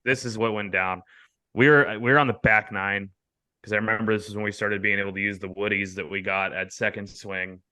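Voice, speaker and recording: A man's voice: on the low side, steady tone, brisk, bright, forceful tone, no room sound. A man co-hosting a podcast, telling a story in casual chat with lots of swearing and laughter. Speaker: podcast co-host.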